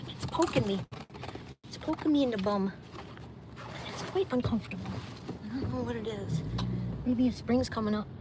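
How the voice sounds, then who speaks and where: An older woman talks from the driver's seat in a fairly high voice. She rants angrily and swears freely. The steady hum of the car and the road sits clearly behind her. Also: normal speed, long pauses. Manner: angry, profane ranting. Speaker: delivery gig driver. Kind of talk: venting vlog monologue. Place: inside a car.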